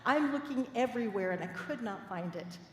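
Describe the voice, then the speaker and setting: A middle-aged woman minister preaching a sermon, telling personal stories in a lively, playful way and laughing with the congregation. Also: fairly high pitch, brisk. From Midwest United States. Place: church sanctuary. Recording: echoey hall with faint room noise.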